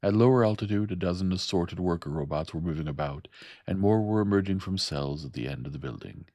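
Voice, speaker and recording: A man reading a science fiction novel aloud in a slow, even, soft-spoken narration. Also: low voice, no echo. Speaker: audiobook narrator.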